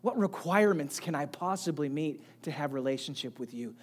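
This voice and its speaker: A middle-aged man, a pastor, preaching a sermon with animated storytelling that swings from quiet to loud. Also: on the high side, brisk.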